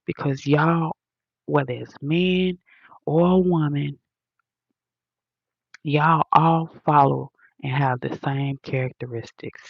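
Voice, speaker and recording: Woman streamer, slow and gravelly, profane and preachy, dull dry lo-fi sound. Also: low voice, no room sound. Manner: blunt, profane, preachy slang. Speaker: livestream host answering comments. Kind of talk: casual livestream rant.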